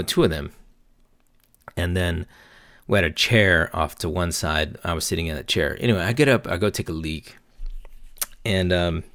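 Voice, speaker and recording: Gravelly deep-voiced man in his forties. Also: fairly bright tone, dry recording, studio quality. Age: 40s. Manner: rambling, profane, laughing storytelling. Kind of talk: casual anecdote.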